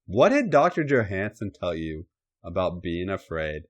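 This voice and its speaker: A man voicing a commanding, sinister dark lord in a comedic erotic story reading, giving slow, domineering orders. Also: deep voice, very animated.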